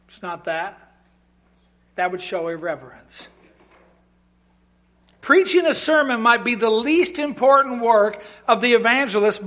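A man preaching a sermon in a church, animated and emphatic, with humorous asides to the congregation that rise into loud outbursts. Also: very high-pitched, measured pace, pauses often. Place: church sanctuary.

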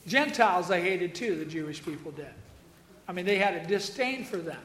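A man's voice: high-pitched, animated, moderate pace, a bit bright, echoey room. A man preaching a sermon, folksy and joking, with asides to members of the congregation. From Iowa. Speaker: pastor.

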